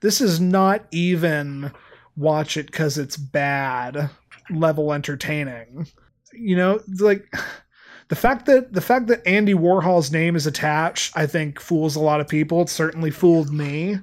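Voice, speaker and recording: A man's voice: fairly high pitch, a little slow. A man co-hosting a film podcast in casual chat, emphatic and opinionated, often restarting his sentences. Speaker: podcast co-host.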